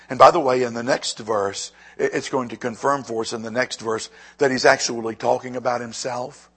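A man preaching a sermon with a raspy voice, moving between quiet, slow emphasis and loud, lively passages. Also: medium pitch. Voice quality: husky. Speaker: pastor.

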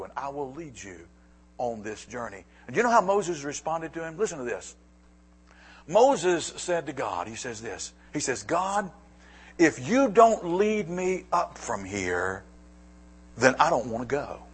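Husky preacher swinging between hush and shout. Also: male voice, a little high. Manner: dramatic swings from hushed asides to raised, emphatic declarations. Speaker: pastor. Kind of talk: sermon.

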